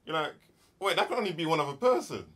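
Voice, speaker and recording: Chatty young man, bright voice. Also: fairly high pitch, lively intonation, fast, slightly rough. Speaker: podcast co-host. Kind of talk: casual movie review chat.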